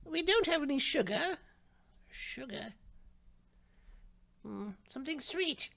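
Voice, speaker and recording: A woman playing a tabletop game, speaking slowly and deliberately. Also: sits high, lively intonation, gravelly, a bit bright. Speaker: player. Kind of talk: casual tabletop play.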